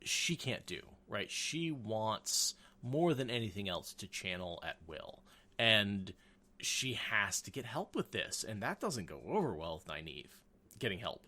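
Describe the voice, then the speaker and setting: A man's voice: on the low side, very animated, a little slow, pushed and bright. A man co-hosting a podcast, chatting casually and making dry, wry asides. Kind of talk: casual chat.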